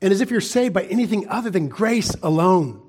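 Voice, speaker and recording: Male preacher, high-pitched, urgent and pleading, drops to quiet asides. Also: expressive, brisk, husky. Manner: earnest, pleading, swings from loud urging to hushed asides. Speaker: pastor. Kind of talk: sermon.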